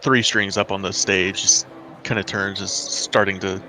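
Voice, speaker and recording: A man narrating as dungeon master, relaxed and full of fillers. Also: low voice, normal speed, a little hiss or hum. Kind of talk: narrating a tabletop game.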